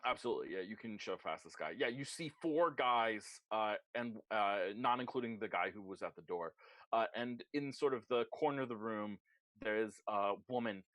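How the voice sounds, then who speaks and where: A man narrating as game master in an online tabletop game, animated and quick to put on voices. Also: on the low side, no echo.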